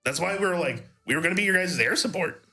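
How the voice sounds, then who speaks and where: A man running a tabletop game as game master, laughing often and talking in a lively way. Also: high voice, fast talker, soft background music.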